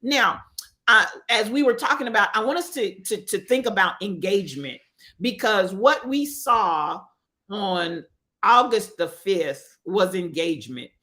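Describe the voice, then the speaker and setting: A woman's voice: mid-range voice, lively intonation, measured pace, pushed and bright. A woman hosting a live stream, commenting on current events with emphatic repetition and calling out viewers by name.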